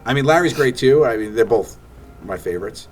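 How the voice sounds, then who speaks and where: In a casual interview, a comedian guest from Staten Island tells lively stories and acts out what people said. His medium-pitched voice is fairly quick, with slight background noise.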